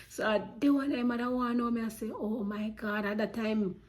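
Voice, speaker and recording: A woman's voice: on the high side, normal speed. A woman with a Jamaican accent earnestly recounting a personal story, with emotion and Patois-flavoured speech.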